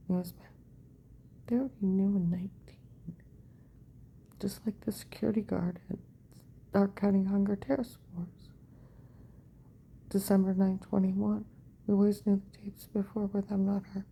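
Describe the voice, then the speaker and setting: A woman telling a personal account in a rambling monologue, often dropping to a hushed whisper, with fragmented, repetitive phrasing. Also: medium pitch, little pitch movement, moderate pace, pauses often, husky.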